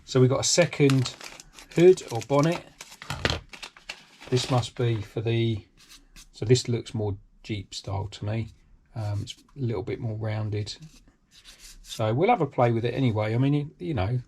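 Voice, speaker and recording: A man's voice: mid-range voice, a little slow, long pauses, a little mellow, slightly rough. A British man hosting a hobby channel, talking casually through an unboxing with lots of ums and restarts. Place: home workshop.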